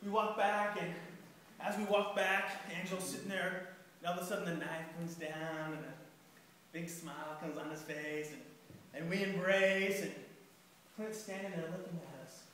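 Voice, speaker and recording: A speech contest speaker telling a comic story live, animated and laughing along. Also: mid-range voice, moderate pace, slight background noise. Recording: echoey hall, far from the mic.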